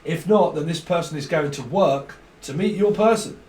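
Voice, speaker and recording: A man's voice: on the high side, moderate pace, a little mellow, far from the mic. A man giving a casual tarot reading, joking and riffing on wordplay and rhymes. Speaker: tarot reader. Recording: roomy with faint noise.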